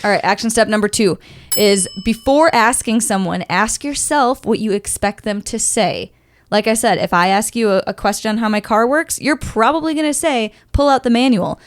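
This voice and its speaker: A woman's voice: medium pitch, normal speed. A woman co-hosting a podcast in casual chat, talking loosely and often saying "like". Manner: chatty, says "like" often, agreeing backchannels. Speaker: podcast co-host.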